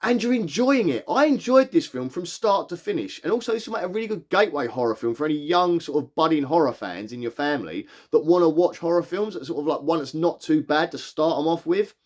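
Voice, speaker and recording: A man's voice: a little high, expressive, brisk, hardly any pauses. A man giving a casual film review, enthusiastic and rambling, with frequent restarts and fillers. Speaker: movie reviewer.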